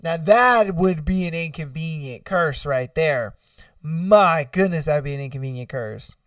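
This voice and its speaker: On the high side, a bit bright, and expressive, this man's voice moves a little slowly and sits far from the mic in a clean studio with no room sound. He's a podcast host giving casual solo commentary on listener ideas, chatting profanely, laughing a lot, and acting out silly scenarios.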